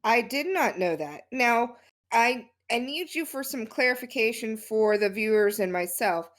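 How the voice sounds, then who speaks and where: Woman co-host chiming in, kinda high voice, playful and curious. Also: lively intonation, a little slow. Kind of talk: casual chat.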